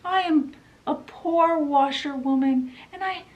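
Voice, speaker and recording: A woman's voice: high voice, slow, dull audio, pitched above the performer's own voice. A woman voicing a vain, boastful male toad who pretends to be a poor washerwoman, speaking in a mock-genteel, pleading way.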